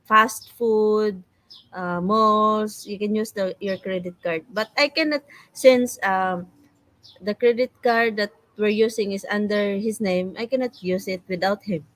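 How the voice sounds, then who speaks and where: A woman's voice: mid-range voice, steady tone, slow, no room sound, rough recording. A woman with a Filipino accent co-hosting a casual live podcast, speaking hesitantly with many fillers and giggles. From Philippines. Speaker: podcast co-host. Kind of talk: casual live-stream chat.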